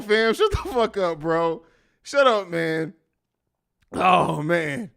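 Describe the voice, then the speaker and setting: An American man hosts a loose post-game stream, cursing and laughing between slow, drawn-out lines. His voice is bright with a gravelly fry, and his pitch moves around a lot. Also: lively intonation. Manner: profane, laughing, slangy. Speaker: live-stream host.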